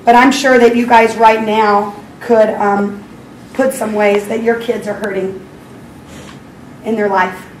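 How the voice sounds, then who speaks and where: A woman's voice: mid-range voice, level tone, slow pace, pauses often. A woman in her forties telling parents a personal faith story in an earnest, storytelling way. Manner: earnest storytelling, acts out her own prayers with rising emotion. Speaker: speaker at a school parenting talk. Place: school hall. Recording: echoey hall from far off, faint ambient noise.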